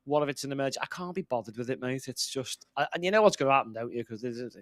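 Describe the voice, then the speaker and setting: A man's voice: medium pitch, lively intonation, racing, no echo, studio quality. A man co-hosting a casual chat, blunt and grumbling, often trailing off into a mutter. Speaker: podcast co-host.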